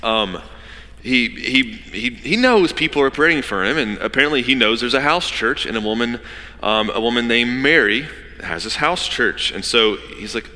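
Male pastor, animated sermon storyteller; bright, forceful tone, lots of pitch movement, big hall echo. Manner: animated storytelling, acting out characters in quick asides.

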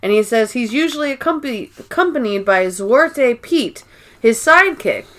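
A woman's voice: fairly high pitch, animated, normal speed, fairly bright tone. A young woman chats through an episode recap with her co-host, piling on "like" and "um." Her talk is loose and casual, with the occasional swear word. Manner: chatty, swearing, frequent "like" and "um". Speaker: podcast co-host.

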